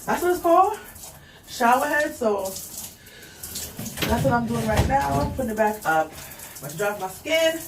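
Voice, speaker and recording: A woman's voice: on the high side, big pitch swings, normal speed, pauses often, noisy background. A young woman vlogging casually while she cleans, rambling and chatty, talking to a child off camera and reading comments aloud.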